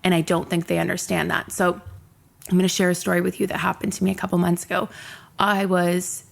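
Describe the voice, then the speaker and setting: A woman's voice: on the low side, level tone, a little fast, vocal fry. A young woman hosting a podcast, telling a personal story candidly and emotionally, swearing freely. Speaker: podcast host.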